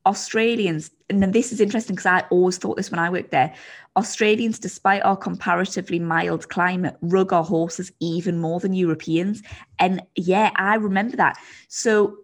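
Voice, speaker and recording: A woman co-hosting a podcast chats casually, rambling with lots of fillers. Her voice is lowish and steady, at a moderate pace.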